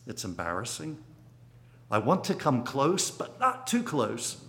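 A man in his sixties delivers a sermon in a reflective, storytelling voice. He draws on a memory from childhood, and his voice leaps up on key phrases before it falls back to a hushed tone. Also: mid-range voice, wildly swooping pitch, measured pace, gravelly. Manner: reflective, storytelling with dynamic emphasis. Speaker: preacher.

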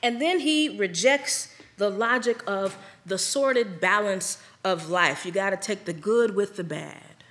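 A woman preaching a sermon, slow and deliberate, with dramatic pauses between phrases. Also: mid-range voice, a bit bright. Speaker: pastor.

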